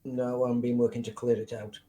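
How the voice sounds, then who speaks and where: A man's voice: medium pitch, completely flat delivery, fairly quick, mellow. Matter-of-fact male player. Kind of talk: playing a tabletop game.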